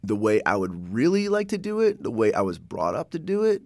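A man's voice: mid-range voice, huge pitch swings, brisk, darkish tone, no echo, studio quality. A man from Oklahoma hosting a casual word-history explainer, chatty and digressive, often restarting and correcting himself. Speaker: podcast host.

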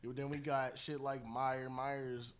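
A man's voice: mid-range voice, flat delivery, a little slow, crowd noise. A young man co-hosting a casual chat, telling slangy stories and laughing often. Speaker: podcast co-host.

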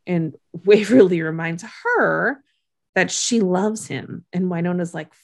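A woman with a low, gravelly voice talks through a TV episode in a relaxed, chatty way. She runs through the scenes quickly and laughs often as she goes. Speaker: podcast co-host recapping a TV episode. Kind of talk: casual chat, episode recap.

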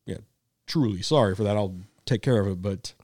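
Man, podcast co-host, rambling casual story, laughs a lot, lowish voice, dry close sound. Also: fairly quick, a little mellow, no echo. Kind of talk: casual chat.

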